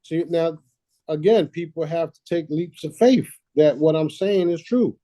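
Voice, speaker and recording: A man's voice: a little high, unhurried, warm tone, no echo. A man hosting a casual talk, boastful and preachy, swearing freely and laughing at his own lines. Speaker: host.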